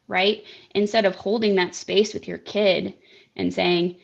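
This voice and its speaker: A woman's voice: mid-range voice, fairly even intonation, unhurried, gravelly, lo-fi sound. A woman who works as a life coach, a guest on a talk show, speaking thoughtfully with many "right?"s and "um"s over a video call. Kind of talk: interview conversation.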